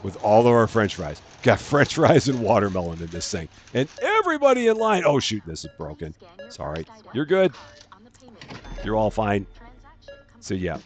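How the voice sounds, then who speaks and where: Lively low-voiced man narrating gameplay. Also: normal speed, long pauses, soft background music. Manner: chatty, self-correcting, narrates each task aloud. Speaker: let's-play host. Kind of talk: casual gameplay commentary.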